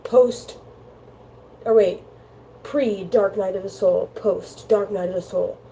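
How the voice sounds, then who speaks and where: A woman's voice: mid-range voice, slow pace, mellow, slight background noise, rough recording. A woman doing a casual tarot reading, rambling and chatty, with lots of filler words. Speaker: tarot card reader.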